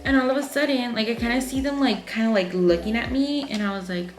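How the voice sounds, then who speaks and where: A woman's voice: on the high side, a little fast, hardly any pauses. A woman in her twenties from Texas telling a story in a chatty, frank vlog, swearing freely and using lots of fillers. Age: 20s. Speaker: vlogger. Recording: echoey room with faint music.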